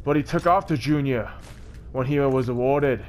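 A man's voice: medium pitch, normal speed, darkish tone, a little hiss or hum. A man doing a rowdy, profane, over-the-top let's play commentary. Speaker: gamer.

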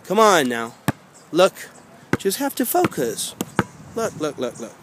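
A man coaching his young daughter at basketball outdoors, coaxing and repeating encouragement, sometimes rising to loud urging. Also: huge pitch swings, slow pace. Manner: encouraging, repetitive coaxing, gets loud and high when urging. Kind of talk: casual coaching. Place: outdoors by a hoop. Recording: faint outdoor background noise.

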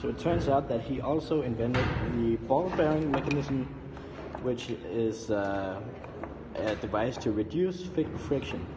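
A man's voice: medium pitch, unhurried. Danish-accented young man in a reverberant hall. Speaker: student vlogger. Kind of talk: explaining museum exhibits. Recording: reverberant hall, loud noise.

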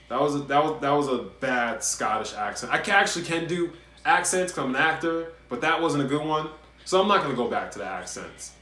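Male host of a casual wrestling recap, mid-pitched and animated, recorded in a roomy space with faint background noise. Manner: animated, rants and repeats himself when worked up. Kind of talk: casual solo review commentary. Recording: echoey room with faint noise.

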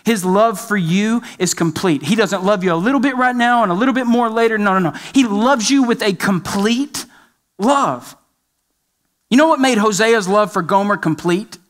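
A male pastor delivers a sermon with emphatic repetition. His voice sits high for a man, and he keeps putting direct questions to the listeners. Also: moderate pace.

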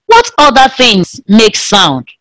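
A woman teaching an online science class to young pupils in a slow, sing-song way, imitating the sounds of animals and objects. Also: on the high side, wildly swooping pitch, a bit bright, dry recording, rough recording. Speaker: primary school teacher.

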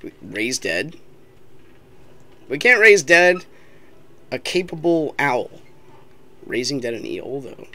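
Very deep-voiced, animated woman gamer. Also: slow, pauses often, a little hiss or hum. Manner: playful, teasing banter. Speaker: gamer playing a roguelike with a child. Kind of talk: casual let's-play commentary. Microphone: laptop webcam mic.

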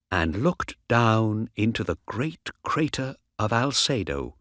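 A man narrating a graded reader story aloud, slow, deliberate and expressive. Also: medium pitch, no echo, studio quality. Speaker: audiobook narrator.

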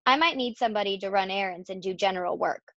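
A clever female spider speaks softly and calmly, as a woman voices her in a storybook. The sound is dry and a little dull. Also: medium pitch, fast, no room sound, close to an everyday voice. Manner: soft, calm.

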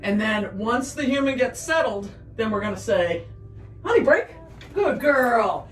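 Calm woman dog trainer, roomy and distant. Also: mid-range voice. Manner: calm explaining, sing-song coaxing to dogs. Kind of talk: hands-on training demonstration. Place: indoors with dogs. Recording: roomy sound from a distance, faint music.

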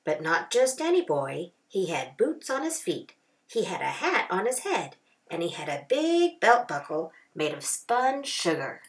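Brief: woman teacher, storybook read-aloud, lively and slow, gravelly undertone. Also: fairly low pitch. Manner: expressive storytelling with drawn-out phrases. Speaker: kindergarten teacher. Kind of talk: children's picture-book read-aloud.

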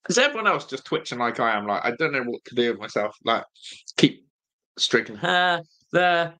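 A young man hosting a live football watch-along, nervous and excitable, groaning low one moment and shouting with joy the next. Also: moderate pace. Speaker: fan watch-along host.

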